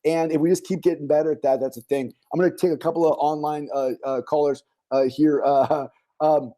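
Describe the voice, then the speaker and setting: A man's voice: fairly high pitch, steady tone, fairly quick, mellow. A man hosting a casual online parent forum as a school administrator, riffing animatedly with many fillers and restarts over a video call. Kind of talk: casual online community talk.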